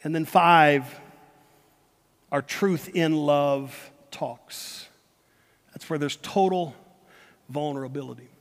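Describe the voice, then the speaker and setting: A man preaching a sermon, emphatic, repeating words and swinging between loud and hushed. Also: fairly high pitch, slow, pauses often. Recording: long hall reverb.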